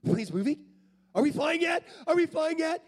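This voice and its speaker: A man voicing an excited little boy on his first plane flight, who keeps asking breathless questions. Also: very high voice, moderate pace, voice pushed up.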